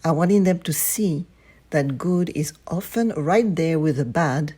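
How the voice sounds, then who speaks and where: A woman reading student stories aloud in a calm, measured way. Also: low-pitched, breathy edge. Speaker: narrator.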